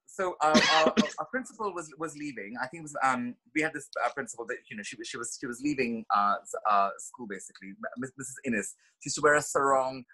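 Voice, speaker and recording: A man's voice: medium pitch, fast talker, hardly any pauses, bright, forceful tone, poor audio. A man from India, a dancer guest on a podcast, telling stories expressively with many fillers and restarts. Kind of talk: casual interview storytelling.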